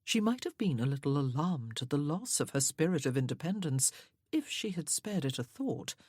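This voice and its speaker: A woman narrating an audiobook in a measured, even way. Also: deep voice, slightly rough, dry recording, studio quality.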